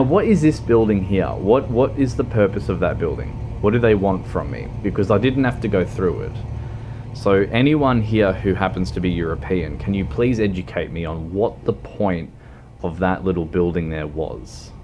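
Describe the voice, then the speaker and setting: A man's voice: deep voice, lively intonation, normal speed, darkish tone, dull audio, a little hiss or hum. An Australian man chatting casually on a gaming livestream, rambling and self-mocking with lots of fillers and laughter. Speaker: game streamer. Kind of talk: casual livestream chat while driving a truck game. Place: at home, streaming.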